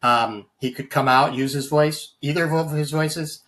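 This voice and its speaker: A man's voice: fairly high pitch, steady tone, measured pace, a bit bright. A man telling stories in an interview, earnest and full of restarts and fillers. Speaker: guest, AI voice banking practitioner. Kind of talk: conversational interview storytelling.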